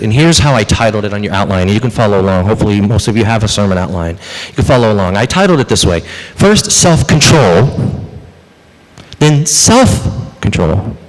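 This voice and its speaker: Pastor guy preaching in a church, bouncy animated delivery, big echoey sanctuary sound. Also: on the low side. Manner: animated preaching with rhetorical questions and quoted asides. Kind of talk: sermon.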